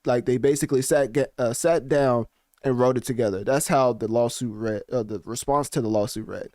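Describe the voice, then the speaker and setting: A man hosting a podcast, chatting casually with animated, slangy commentary while looking things up on his screen. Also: medium pitch, brisk, no room sound, clean studio sound. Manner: animated, conversational, slangy asides. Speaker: podcast host. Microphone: podcast mic, also on video.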